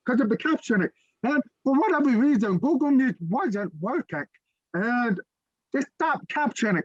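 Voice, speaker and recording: A man with the speech of a deaf person, co-hosting a casual chat and telling lively stories. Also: moderate pace, no echo, muffled recording. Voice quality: deaf speech that listeners hear as unusual. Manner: animated storyteller, swings his pitch widely. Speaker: podcast co-host.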